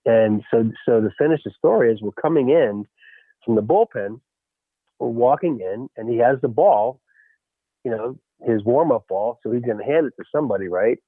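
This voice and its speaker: A former baseball coach telling a lively story in a radio interview, peppering his talk with "you know" and "right?". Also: mid-range voice, normal speed, slightly rough, no room sound. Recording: tinny phone line.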